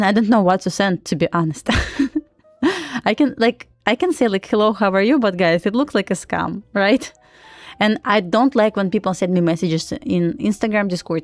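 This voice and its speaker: A woman with a Russian accent chatting casually on a live trading stream, full of "like" fillers and quick laughs. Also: medium pitch, darkish tone, no room sound. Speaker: live-streaming day trader.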